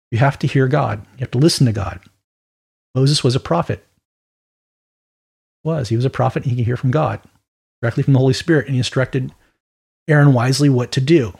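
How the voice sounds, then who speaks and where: Gravelly man giving a casual Bible teaching. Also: medium pitch. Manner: conversational and animated, with quick mock voices and asides. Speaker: preacher.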